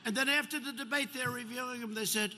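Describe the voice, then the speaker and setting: Older male politician, digressive mocking delivery, high-pitched, long reverb. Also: fairly even intonation, fast talker, bright, forceful tone. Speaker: politician speaking at rallies and on a podcast. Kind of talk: rambling rally speech and podcast chat. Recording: roomy reverb with faint background noise.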